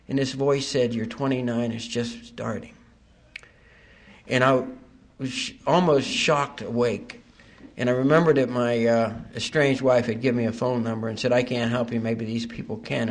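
An older man giving a personal recovery testimony at a meeting, halting with frequent fillers and wry self-deprecating humor. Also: medium pitch, vocal fry.

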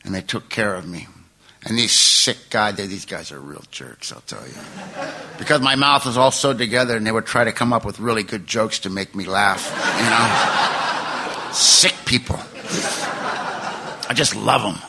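A man's voice: lowish voice, normal speed, gravelly, long pauses, noisy background. An older man sharing his life story at a recovery meeting, rambling and emotional, laughing through painful memories. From California.

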